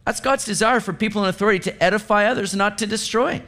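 High-voiced man preaching a sermon. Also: quick pace, pushed and bright. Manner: conversational preaching with asides and light sarcasm. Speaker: pastor.

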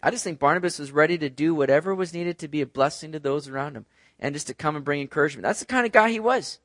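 A man's voice: fairly high pitch, quick pace, dry recording. A man preaching a sermon to a congregation in a conversational way, often checking in with "right?". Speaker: pastor. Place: church service.

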